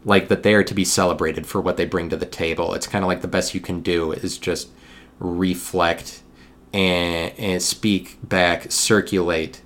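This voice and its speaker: A young man hosting a solo podcast, talking in a meandering monologue with frequent restarts, sometimes getting loud when riled. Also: sits low, steady tone, measured pace. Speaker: podcast host.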